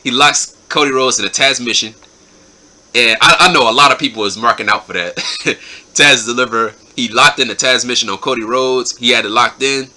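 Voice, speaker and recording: Bright-voiced man recapping casually. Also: mid-range voice, moderate pace. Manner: repeats words often, enthusiastic, chuckles. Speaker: show host reviewing wrestling episodes.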